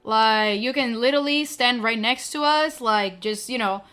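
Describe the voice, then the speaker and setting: A woman's voice: on the high side, moderate pace, a bit bright, faint music behind. A young adult woman streamer talking to her viewers in an emotional, gushing way, teary and close to crying, with lots of fillers. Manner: tearful, gushing, many fillers. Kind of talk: emotional casual chat to viewers.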